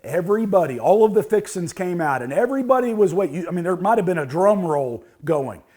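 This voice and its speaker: A man's voice: high-pitched, lively intonation, brisk, darkish tone. A man in his fifties, hosting a cooking show and telling a folksy story as a cooking tip. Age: 50s.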